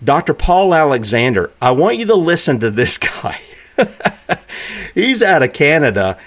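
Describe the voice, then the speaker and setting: A man's voice: a little high, sing-song, moderate pace, a bit bright. A man hosting a live online talk show, speaking emphatically and repeating phrases for effect. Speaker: host.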